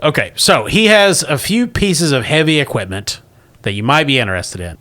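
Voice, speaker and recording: Male game master, fairly high, bright voice, laughs a lot. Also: sing-song. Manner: laughs often, quick narration. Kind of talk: narrating a tabletop game.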